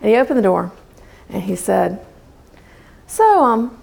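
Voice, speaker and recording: Lively woman with a gravelly edge. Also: mid-range voice, brisk. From United States. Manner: lively storytelling, acting out quotes. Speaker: homeschooling speaker. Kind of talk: talk to a live audience.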